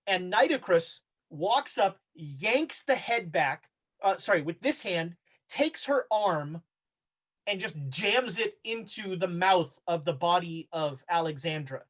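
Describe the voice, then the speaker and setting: A game master narrating a tabletop horror game, halting often with fillers as he describes the scene. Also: sits high, animated, fairly bright tone.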